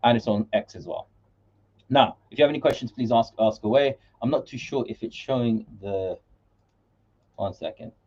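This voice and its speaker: A man's voice: medium pitch, normal speed, mellow, muffled recording. A man hosting a casual crypto market livestream, rambling with many fillers and restarts while sharing his screen.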